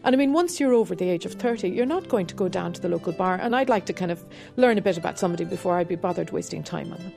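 A woman's voice: on the low side, racing, gravelly, hardly any pauses, soft background music. Reflective woman harp teacher. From Ireland. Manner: candid, reflective, with soft laughs. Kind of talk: radio interview.

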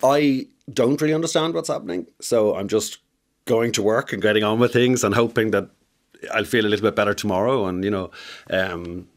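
A man's voice: lowish voice, brisk. An Irish man chatting as a guest in a radio studio, camp and anecdotal, laughing often. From Ireland. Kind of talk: casual radio interview chat.

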